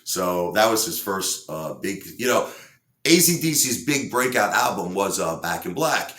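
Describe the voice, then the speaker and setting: A man's voice: fairly low pitch, lively intonation, normal speed, fairly bright tone, roomy sound. A man casually telling a story with lots of fillers, acting out quotes in other voices. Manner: rambling, many fillers, acts out quotes. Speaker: entertainer storyteller.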